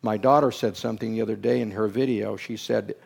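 A middle-aged man preaching a sermon, dropping to hushed, drawn-out phrases and then climbing into loud, emphatic bursts. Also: fairly low pitch, fairly even intonation, creaky, husky. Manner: slow, drawn-out words for emphasis.

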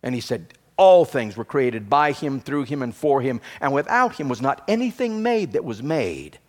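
A man preaching a sermon, swinging between emphatic, rising declarations and hushed, low passages. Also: very animated, moderate pace. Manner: preaching with rising emphatic bursts and quiet drops.

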